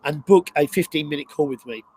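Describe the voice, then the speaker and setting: Male co-host, rambling anecdotal chat, slightly high pitch. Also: a little fast, darkish tone, husky, rough recording. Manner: storytelling, many fillers and restarts. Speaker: co-host and recruiter. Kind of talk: casual live chat.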